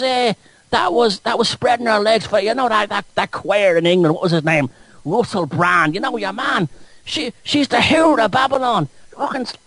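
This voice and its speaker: A man's voice: extremely high pitch, a bit bright, no echo, pitched above the performer's own voice, exaggerated voice. A man voicing a foul-mouthed, panicky Irish man with an Irish accent who rants and stammers. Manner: swearing, ranting, stammering.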